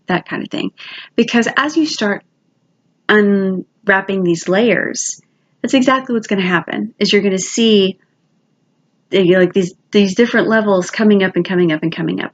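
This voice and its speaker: A woman giving casual, quick, chatty step-by-step instructions, demonstrating as she goes. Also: mid-range voice, lo-fi sound.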